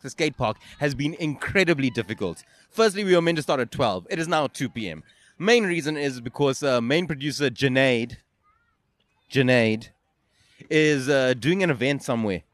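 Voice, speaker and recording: A man's voice: on the high side, fairly bright tone, no echo. A man hosting a casual street interview podcast at an outdoor skate park, teasing his guest and rambling with frequent restarts into a handheld mic. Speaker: podcast host. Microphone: handheld microphone.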